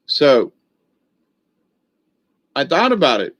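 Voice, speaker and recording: Taking his time, a man with a medium-pitched, slightly bright voice swings hugely in pitch as he gives an informal spiritual teaching. He rambles through folksy stories and doesn't shy away from blunt, coarse words.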